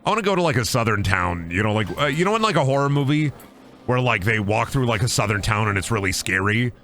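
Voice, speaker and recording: A man's voice: medium pitch, lively intonation, quick pace, fairly bright tone, slight background noise. A man streaming a game, rambling and joking about wrestling in casual commentary. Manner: rambling, jokey, riffs on wrestling bits. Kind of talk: casual let's-play commentary.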